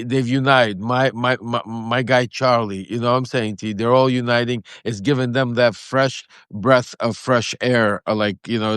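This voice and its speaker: A male interview guest speaking in a rambling, halting way with many fillers and restarts. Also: mid-range voice, smooth, no echo, studio quality. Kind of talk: political commentary interview.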